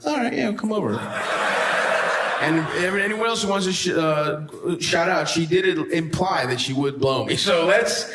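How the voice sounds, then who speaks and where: A male stand-up comedian from the US doing crowd work before a live audience, teasing people with profane jokes and laughing through his lines. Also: on the high side. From United States. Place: music venue stage before a live audience. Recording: echoey club room with loud crowd noise.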